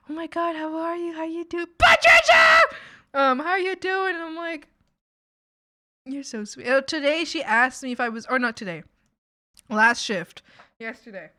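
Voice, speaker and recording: A woman's voice: on the high side, bright, forceful tone, no echo, clean studio sound. A young woman streamer telling rambling stories about her coworkers in casual chat, giggling often and quoting people in her own voice.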